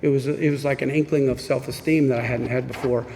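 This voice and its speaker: A man from Missouri shares his story at a group meeting in a frank, self-deprecating way, acting out the voices of the people he talks about. His voice sits at an ordinary middle pitch. The sound rings out in a reverberant hall with a faint hiss underneath. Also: steady tone, fast, dark tone. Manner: candid, self-mocking storytelling that acts out quoted exchanges. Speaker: speaker at a recovery meeting. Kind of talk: personal recovery story told to a meeting. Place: meeting room. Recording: echoey hall with faint background noise.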